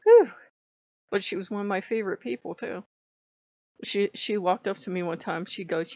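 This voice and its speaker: A woman's voice: mid-range voice, normal speed, pauses often, mellow, no room sound, lo-fi sound. A woman vlogging in a casual chat, blunt and laughing often as she swears freely, recorded on a camera's built-in mic.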